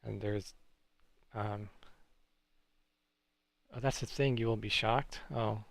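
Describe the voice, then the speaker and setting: A man's voice: fairly low pitch, steady tone, slow pace, creaky, no room sound. A man streaming live, chatting casually with viewers and reacting to chat messages.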